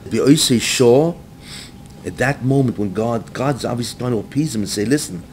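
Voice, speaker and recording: A rabbi teaching a room full of listeners. He talks at an ordinary middle pitch, dropping in Hebrew phrases and stopping often to ask "right?" A faint low rumble hums under his voice. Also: moderate pace. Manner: animated, rising to near-shouting when acting out the text; mixes Hebrew phrases with English, keeps asking "right?". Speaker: rabbi giving a Torah class. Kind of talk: lecture to a live class.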